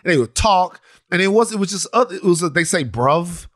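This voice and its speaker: A man co-hosting a podcast in easy, casual conversation. He rambles and restarts his sentences as he goes. His voice sits a little high for a man and sounds dry and close to the mic. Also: fast, a bit bright, dry recording. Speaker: podcast co-host. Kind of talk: casual chat.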